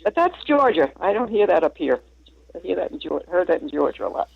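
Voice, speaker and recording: A man tells stories in a relaxed chat, quoting people in an animated way. His voice is gravelly and husky, and his pitch swings widely. He is heard on dull, dry, lo-fi radio audio. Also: a little fast. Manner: animated, laughing, acts out quotes. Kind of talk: casual storytelling chat.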